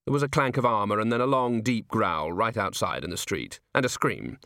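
Man reading a story, lively pitch. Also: fairly quick, no echo, studio quality. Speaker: audiobook narrator. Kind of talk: scripted narration.

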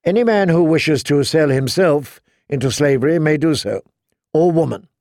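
Man doing a commanding young queen, firm and proud, gravelly low voice, bone-dry close sound. The delivery is clipped and stern. It is plainly a storybook reading. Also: moderate pace, mellow, no echo.

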